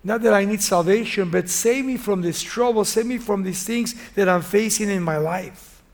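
A man preaching a sermon, retelling a Bible story in an animated, conversational way and speaking straight to his listeners. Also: high voice, moderate pace.

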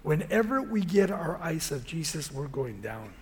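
A man preaching a sermon, retelling a Bible story in an animated, conversational way and speaking straight to his listeners. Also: a little high, moderate pace, slightly rough.

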